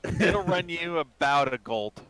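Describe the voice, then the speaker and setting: A man narrating as game master in a tabletop game, rambling and pausing often with fillers. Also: a little high, animated, fairly bright tone, clean tone.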